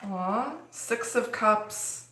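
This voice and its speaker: A woman's voice: medium pitch, drawn-out words, bright, forceful tone. A woman giving a live tarot reading, talking in a rambling way with many fillers. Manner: rambling, filler-heavy delivery. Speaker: tarot reader. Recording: echoey room.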